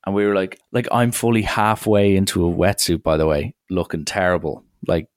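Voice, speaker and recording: A man's voice: sits low, fairly even intonation, moderate pace, no echo, clean studio sound. A young man telling a school story in a casual, wry, rambling way. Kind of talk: casual anecdote.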